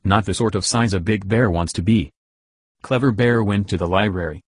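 A man reading a silly bedtime story in an even, deadpan way. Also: on the low side, moderate pace, slightly rough, no echo.

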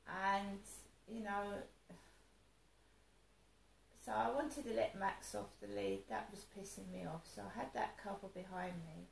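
A woman's voice: medium pitch, expressive, measured pace, gravelly, echoey room, slight background noise, low-quality recording. A woman telling a rambling personal story, upset and venting, with frequent restarts. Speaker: vlogger.

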